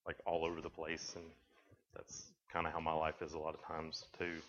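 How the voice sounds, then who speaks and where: A man's voice: very deep voice, completely flat delivery, a little fast, a bit bright. Man preaching in a rambling way. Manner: rambling storytelling, frequent restarts. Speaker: youth camp speaker. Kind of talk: sermon. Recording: dull lo-fi recording.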